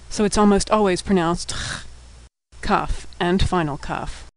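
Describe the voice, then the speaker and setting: A man giving a scripted lesson, naming each letter and explaining its sound in a patient, clear way. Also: high voice, a little mellow, poor audio. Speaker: teacher. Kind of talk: scripted instructional narration.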